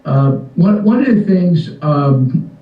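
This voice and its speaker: A man's voice: sits high, lively intonation, slow pace, recorded from a distance. Hesitant man on a roomy, dull call. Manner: hesitant, full of fillers. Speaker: salesperson asking for coaching. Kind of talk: casual conversation. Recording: roomy, dull sound away from the mic.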